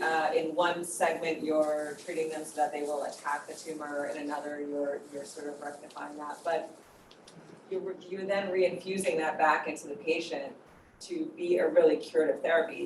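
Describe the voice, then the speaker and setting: A woman speaking as a panelist in a panel discussion, thoughtful and pausing often with fillers. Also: sits low. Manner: thoughtful, searching for words with many fillers. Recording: echoey distant noisy audio.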